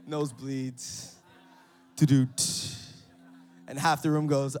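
A man preaching an energetic sermon in church, telling a story and calling out to the congregation. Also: medium pitch, slow pace, pauses often, faint music behind. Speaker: pastor.

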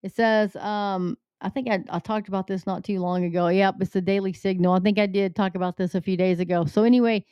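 A woman's voice: mid-range voice, fairly even intonation, a little fast, few pauses, darkish tone, clean tone, no echo. Woman host, middle-aged, earnest and urgent, reading news and warning her listeners, dry close mic. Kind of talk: news commentary monologue. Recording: slightly dull lo-fi sound.

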